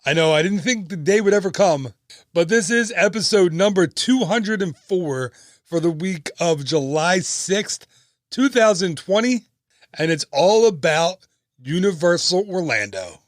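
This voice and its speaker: A man's voice: high voice, lively intonation, a little slow, no echo, clean studio sound. A man in his thirties hosting a casual travel podcast, upbeat and chatty with joking asides. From United States. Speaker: podcast host and travel agent.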